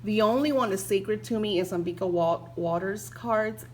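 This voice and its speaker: A woman's voice: mid-range voice, moderate pace, a little mellow, a little hiss or hum, poor audio. A woman vlogging casually about spirituality, gushing and emotional, with lots of fillers, reading passages aloud from a book.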